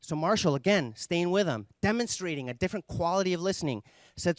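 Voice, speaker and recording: A man's voice: high-pitched, lively intonation, dry recording. Earnest male conference speaker. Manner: earnest, explanatory, pauses with fillers. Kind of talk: conference talk.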